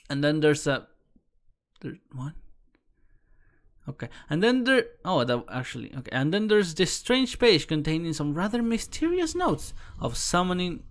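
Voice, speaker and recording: Man reading aloud on stream, stumbling. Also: fairly high pitch. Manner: stumbles over words, restarts, laughs and swears often.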